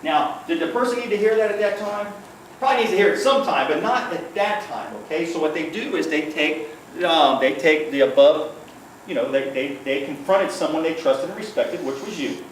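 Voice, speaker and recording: A man's voice: on the high side, expressive, fairly quick. A man giving a conversational workplace-safety training talk, often checking in with "okay?" and acting out quotes. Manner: checks in with the audience with frequent "okay?"; storytelling with acted quotes. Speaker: workplace safety trainer, former police liaison officer. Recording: echoey room, far from the mic, faint noise.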